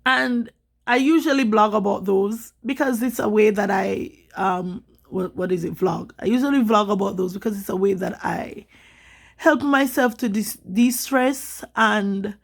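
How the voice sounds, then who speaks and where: A woman from Jamaica, vlogging in an emotional, rambling way and getting animated when she quotes people. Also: medium pitch, measured pace, gravelly. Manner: rambling, upset, animated when quoting others. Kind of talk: emotional personal vlog.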